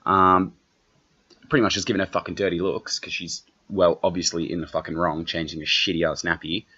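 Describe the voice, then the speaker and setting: A man's voice: low voice, level tone, brisk, sharp tone, breathy edge, highs cut off. A young Australian man hosting a solo comedy podcast, rambling and swearing constantly in a brash, offhand way. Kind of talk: profane solo podcast rant.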